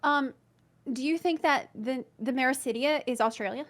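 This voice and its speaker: High bright-voiced woman guesting on a chat show, teasing and playful. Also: normal speed. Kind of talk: casual chat.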